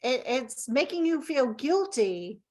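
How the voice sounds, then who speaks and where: A middle-aged woman hosting a podcast interview, speaking gently and in a measured way from her own experience. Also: sits high, sing-song. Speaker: podcast host. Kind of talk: conversational interview.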